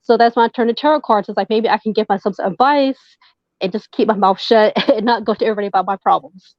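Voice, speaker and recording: A woman's voice: mid-range voice, fast, no echo. Lady tarot reader chatting, lots of ums, muffled lo-fi dry audio. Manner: hesitant, many fillers. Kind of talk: casual interview chat. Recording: dull dry lo-fi sound.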